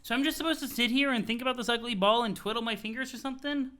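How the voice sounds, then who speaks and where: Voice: medium pitch, rapid-fire, bright, forceful tone, clear, resonant tone, close to an everyday voice. A streamer voicing a flippant, sarcastic young woman who puts herself down. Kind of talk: reading a webcomic aloud with voices.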